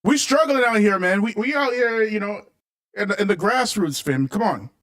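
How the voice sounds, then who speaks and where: A high-pitched man talks to his livestream viewers in a casual, emphatic way and calls them "family". He sounds a little back from the microphone in a dry, dead room. His tone is preachy and full of conviction. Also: lively intonation, normal speed, fairly bright tone, no echo, recorded from a distance. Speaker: livestream host.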